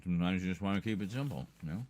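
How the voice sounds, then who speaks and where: A man's voice: low-pitched, animated, very fast, a little mellow. A man hosting a livestream in loose, rambling casual chat, often breaking into laughter. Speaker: livestream host.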